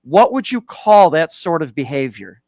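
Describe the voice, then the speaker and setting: A man's voice: a little high, sing-song, normal speed, darkish tone, no room sound. A male host of a call-in radio show who presses callers with pointed, repeated questions into a studio microphone.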